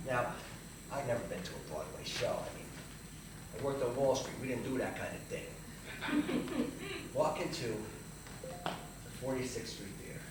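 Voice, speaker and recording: A man telling comic stories from his own life in a solo stage show, with lively stammered restarts and banter with the audience. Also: mid-range voice, moderate pace, pauses often, slight background noise. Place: theater stage with a live audience. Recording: echoey theater from far off.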